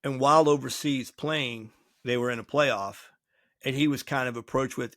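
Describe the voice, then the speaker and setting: A man's voice: mid-range voice, steady tone, normal speed, a bit bright, dry recording, clean studio sound. A man from the United States co-hosting a podcast, chatting casually and acting out quoted dialogue as he tells a story. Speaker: podcast co-host.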